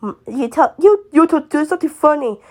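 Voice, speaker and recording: A woman telling an improvised homemade story, halting and stammering with many fillers and restarts. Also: sits high, lively intonation, a little mellow.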